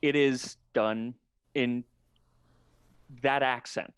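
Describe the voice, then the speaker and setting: A man's voice: mid-range voice, fairly even intonation, extremely slow, smooth, no room sound, clean studio sound. A man talking on a podcast in casual chat, explaining his views in a thoughtful way. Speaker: podcast guest.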